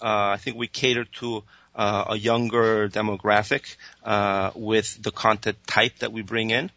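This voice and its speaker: A man answering interview questions about his streaming service, talking haltingly with many fillers and restarts. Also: fairly low pitch, level tone, sharp tone, dry recording. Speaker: streaming executive guest. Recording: dull lo-fi dry sound.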